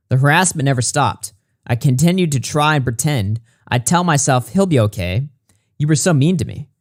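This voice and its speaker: A man reading a written statement aloud in a measured way, with occasional stumbles and brief asides. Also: medium pitch, darkish tone, no echo, studio quality. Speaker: commentary YouTuber.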